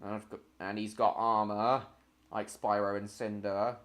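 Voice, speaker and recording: A man's voice: fairly low pitch, level tone, moderate pace, a bit bright. A man hosting a casual live stream, rambling and distracted as he talks.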